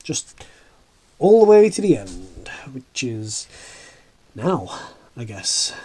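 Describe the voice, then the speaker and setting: A man's voice: medium pitch, big pitch swings, slow pace, mellow, breathy edge, exaggerated voice. A man acting as a bitter, washed-up male horse celebrity, talking in a sardonic, rambling way with stammering asides. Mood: sardonic, hollow. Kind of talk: comedic dramatic monologue.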